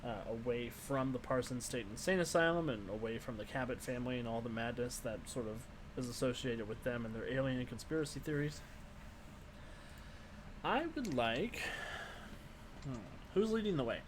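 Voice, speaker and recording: A man's voice: medium pitch, moderate pace, noisy background. A man narrating a tabletop role-playing game as game master in a loose, descriptive way.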